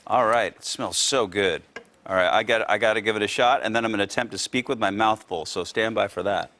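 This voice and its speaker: A man's voice: on the low side, a little fast, sharp tone. A man reporting a live local news segment in a chatty, playful way.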